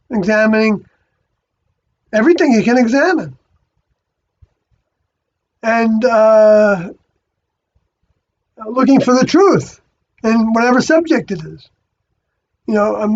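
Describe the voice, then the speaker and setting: Halting, self-correcting spiritual speaker, mid-pitched voice, muffled lo-fi audio. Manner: halting, many fillers and restarts, self-correcting. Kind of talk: rambling spiritual monologue. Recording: dull lo-fi recording.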